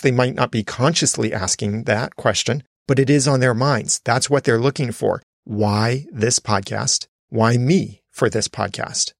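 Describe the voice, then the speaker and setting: Gravelly male podcasting coach, dry close sound, deliberate instructional delivery. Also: medium pitch, dry recording. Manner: explains in numbered tips, slows to stress phrases. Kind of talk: instructional talk.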